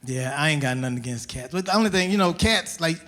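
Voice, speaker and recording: High, bright-voiced animated male comedian. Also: fast. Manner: animated, loud punchlines, laughs at own jokes. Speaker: stand-up comedian. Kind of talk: stand-up comedy. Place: comedy stage.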